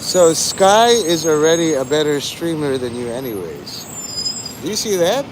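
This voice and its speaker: A man's voice: a little high, sing-song, moderate pace, background noise. A man livestreaming, rambling and teasing his chat, breaking into mock-angry, swearing rants.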